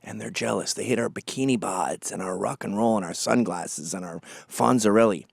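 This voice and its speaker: A man's voice: fairly low pitch, fairly quick, gravelly, breathy edge, no room sound, studio quality. A man delivering a sarcastic, combative opinion monologue as a political commentator.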